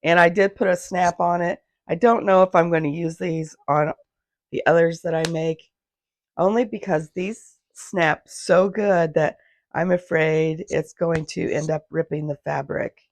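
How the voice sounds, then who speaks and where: A woman with a hoarse, gravelly voice chatting casually in her sewing vlog. She rambles, loses her thread and restarts while recording on a phone in her home sewing room. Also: lowish voice, steady tone, unhurried. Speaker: handmade business owner, vlogger.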